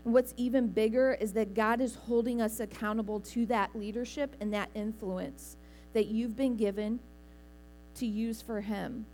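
A woman's voice: fairly high pitch, fairly even intonation, normal speed, darkish tone. Woman, sermon, earnest, conversational, church, light hum in background. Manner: earnest, conversational preaching with small restarts. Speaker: preacher. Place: church sanctuary.

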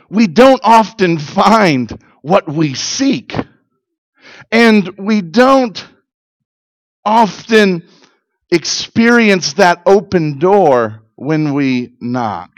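Pastor, middle-aged man, slightly high voice, dry close-miked sound, earnest talky sermon with rising emphatic peaks. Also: no echo, rough recording.

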